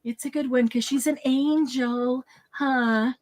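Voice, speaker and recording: A woman hosting a craft livestream in casual chat, bubbly and quick to laugh, greeting viewers by name. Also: high-pitched, steady tone, darkish tone. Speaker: craft show host.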